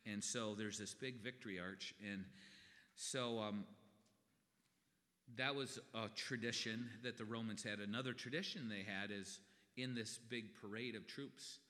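A man's voice: lowish voice, steady tone, unhurried, pushed and bright. A middle-aged man preaching a sermon as a pastor in a folksy, conversational way. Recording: long reverb in a hall.

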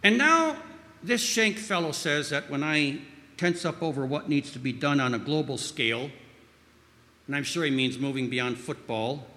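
Bright-voiced man preaching in a reverberant hall. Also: a little high, animated, normal speed. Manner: rambling with frequent restarts and fillers; acts out quoted voices loudly. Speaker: speaker at a church gathering. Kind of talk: informal sermon with storytelling.

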